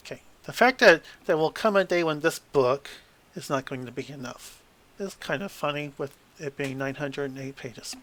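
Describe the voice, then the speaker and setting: A man's voice: on the high side, moderate pace, a bit bright. A man flipping through a tabletop game book, reading passages aloud with wry asides and stumbling over hard words.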